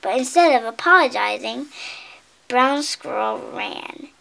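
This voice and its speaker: High, lively woman reading a story. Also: measured pace, gravelly. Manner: expressive read-aloud with slips and asides. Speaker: storybook reader. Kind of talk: reading a picture book aloud.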